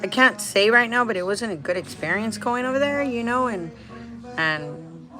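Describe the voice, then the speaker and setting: A woman's voice: mid-range voice, expressive, moderate pace, music in the background. A woman vlogger talking casually and rambling, with frequent restarts, laughing often and dropping in Spanish phrases, in a restaurant. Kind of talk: casual vlog chat.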